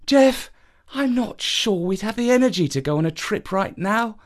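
Man putting on a high-pitched worn-out storybook mum, reluctant, lively. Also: moderate pace. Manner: tired, reluctant, pushes back. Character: weary, reluctant mum on a hot day.

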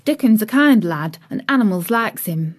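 A woman's voice: medium pitch, lively intonation, moderate pace, natural voice. A woman voicing a cheerful, chatty young serving girl, homely and outspoken.

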